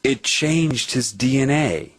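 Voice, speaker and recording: A man giving a spiritual monologue, telling a personal story in an animated way and repeating phrases for emphasis. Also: medium pitch, takes it slowly, dry recording. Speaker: spiritual speaker. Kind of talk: lecture-style monologue.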